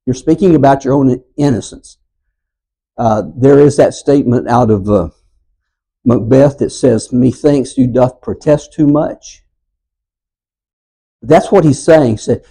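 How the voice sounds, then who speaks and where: A man in his sixties teaching a church Bible class, telling stories and getting loud and animated when he acts out quotes. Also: medium pitch, a little slow, long pauses, poor audio. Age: 60s.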